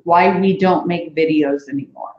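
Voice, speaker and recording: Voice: medium pitch, moderate pace, roomy sound, highs cut off. A speaker in a casual live-stream chat, blunt and teasing.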